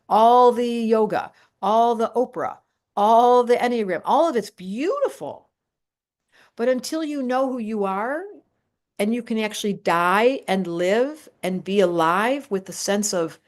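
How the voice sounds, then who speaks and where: An older woman presenting a live online astrology class, talking emphatically and directly to her viewers. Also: fairly high pitch. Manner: animated, emphatic teacher addressing viewers directly.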